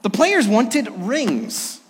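A man, a pastor, delivering a sermon with earnest preaching that drops soft at key phrases. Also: very high-pitched, huge pitch swings, drawn-out words, husky, long reverb tail.

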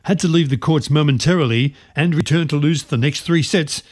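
Brisk male radio sports reporter. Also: on the high side, darkish tone.

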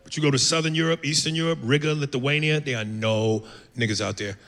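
A man's voice: mid-range voice, fairly quick. A man from the United States doing a brash, profane stand-up set on a comedy club stage. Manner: brash, profane, jumps into loud impressions. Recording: live club with reverb and room noise.

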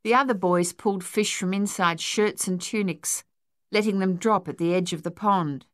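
A woman narrating a novel in a measured storytelling manner, close to the microphone. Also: mid-range voice, no echo. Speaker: audiobook narrator. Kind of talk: scripted narration.

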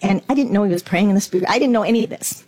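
A middle-aged woman, a guest telling her personal testimony with animated acted-out quotes. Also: mid-range voice, very fast, no room sound. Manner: animated storyteller, acts out quotes.

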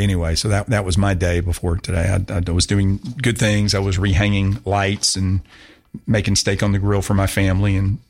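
A man's voice: deep voice, vocal fry. A man hosting a talk radio show in a chatty, rambling, self-mocking way. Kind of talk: casual talk radio chat.

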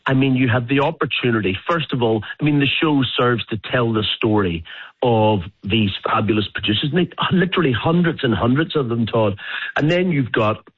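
A man's voice: mid-range voice, a little fast, breathy edge, no room sound. A man with a Northern Irish accent, a chef and guest on a radio show, talking enthusiastically and rambling with restarts. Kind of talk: radio interview. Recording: tinny phone line.

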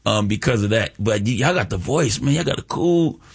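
A man, a comedian and actor chatting as a guest in a casual radio interview, animated and playful. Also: lowish voice, a little fast, creaky, husky. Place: college radio studio.

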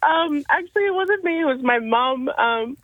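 A woman's voice: high voice, lively intonation, normal speed. A woman calling in to a radio show, hesitant and giggly as she tells her story. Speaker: caller. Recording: dull phone-line sound.

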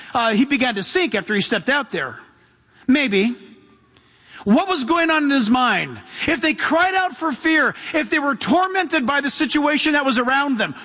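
A man's voice: very high voice, sharp tone. A man preaching a sermon as pastor, reading scripture aloud and calling out to the congregation. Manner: reads scripture then preaches with call-outs to the congregation. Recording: long hall reverb.

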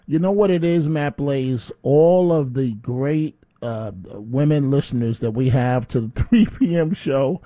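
A man's voice: mid-range voice, a little slow, few pauses, warm tone. A middle-aged man hosting call-in talk radio, telling stories animatedly and laughing at himself. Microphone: studio microphone.

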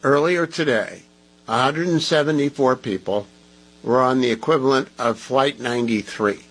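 A man with a slightly husky voice hosts a talk radio show, speaking into a studio microphone. He talks in an opinionated, conversational way. He sounds groggy from medication. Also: medium pitch, moderate pace, a bit bright, poor audio.

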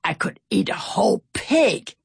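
A woman's voice: mid-range voice, sing-song, a little slow, creaky, breathy edge, dry recording, clean studio sound, heavily acted. A woman voicing a stout, kindly old male sailor who talks in a hearty, exclamatory way in a storybook reading. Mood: cheerful.

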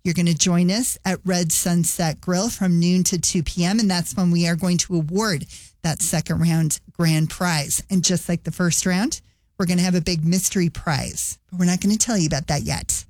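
Upbeat woman radio host, low voice. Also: fairly even intonation, moderate pace, a little mellow, no echo, clean studio sound. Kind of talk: radio contest promo.

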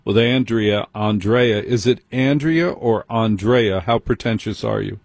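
Man, late-night radio host, teasing, husky voice, dry close sound. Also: medium pitch, a little slow, dry recording. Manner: teasing, mock-blunt. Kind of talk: call-in radio banter.

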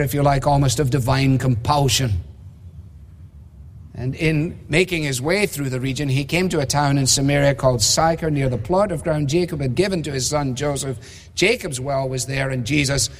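Man preaching in a reverberant hall. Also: a little high. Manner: measured, emphatic, with rhetorical questions. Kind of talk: expository sermon. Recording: long reverb of a large hall.

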